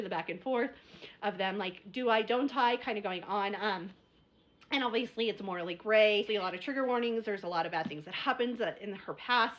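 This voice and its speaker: Fast-talking excitable woman book reviewer. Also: fairly high pitch. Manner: rambling, repeats herself, gets worked up. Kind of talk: casual chat, book review vlog.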